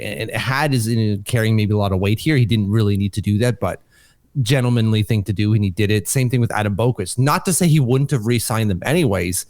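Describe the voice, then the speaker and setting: A man co-hosting a hockey podcast, excitable and casual, often restarting his sentences and swearing now and then. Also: on the low side, no room sound. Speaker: podcast co-host.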